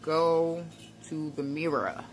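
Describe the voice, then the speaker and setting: A woman with a fairly low-pitched voice talking through a casual motivational video. She speaks in a conversational, reflective way, with relaxed slang and easy laughter. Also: takes it slowly, slight background noise. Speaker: self-help vlogger.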